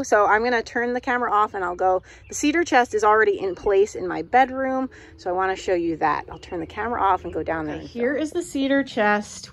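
A middle-aged woman chatting casually on camera at home, showing off her thrifted decor finds with plenty of enthusiasm. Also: a little high. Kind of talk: casual vlog show-and-tell. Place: at home, moving between rooms and outdoors.

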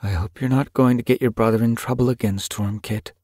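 A man voicing a gentle, sleepy mother cat in an audiobook, soft and purring, mildly chiding. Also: mid-range voice, steady tone, a little fast, no echo, studio quality, pitched above the performer's own voice, close to an everyday voice. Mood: fond.

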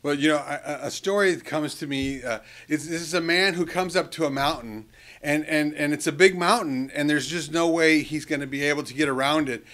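A man telling a faith story in an animated way to his prayer group. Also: a little high, a little fast. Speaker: prison ministry volunteer.

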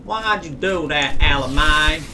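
A man hosting a let's play, cursing and reacting excitably as he plays. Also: on the high side, moderate pace, noisy background. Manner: profane, excitable running reactions. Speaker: gaming channel host. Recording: distant mic with loud game music. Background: game music.

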